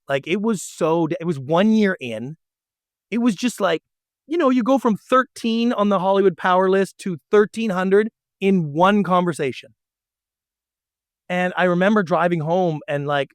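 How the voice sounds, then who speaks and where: A middle-aged man telling a story as an interview guest, animated and acting out the dialogue. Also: sits high, dry recording, studio quality. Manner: animated, acts out quoted dialogue. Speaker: podcast guest.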